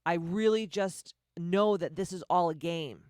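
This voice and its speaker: A woman with a deep voice hosting a motivational podcast, blunt, profane and confrontational, firing off repeated rhetorical questions. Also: a little slow, darkish tone, no room sound, clean studio sound. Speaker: podcast host.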